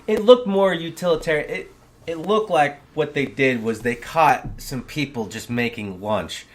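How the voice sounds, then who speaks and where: A man co-hosting a casual podcast chat about a film, crude and animated as he tells what happened on screen. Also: on the high side, measured pace, a little hiss or hum. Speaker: podcast co-host.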